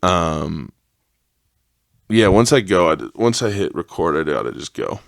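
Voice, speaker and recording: A young man hosting a solo podcast, ranting with heavy profanity and a voice that climbs higher as he gets worked up. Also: very animated, a little slow, vocal fry, dry recording, studio quality. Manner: profane, heated rant that rises in pitch. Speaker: podcast host.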